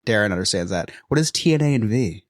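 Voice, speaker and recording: A man's voice: lowish voice, lively intonation, fast talker. A man co-hosting a podcast, teasing and cracking jokes in casual chat. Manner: joking, teasing. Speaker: podcast co-host.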